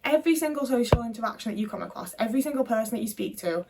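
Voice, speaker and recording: A woman's voice: on the high side, lively intonation, racing, recorded from a distance, background noise. A young woman talking to camera in a candid, frustrated monologue, swearing freely. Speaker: vlogger.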